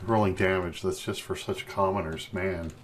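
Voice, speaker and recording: A man with a lowish voice plays a tabletop game, trailing off and restarting as he thinks aloud. His talk stays relaxed and unhurried. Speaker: player. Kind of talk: casual tabletop game chat.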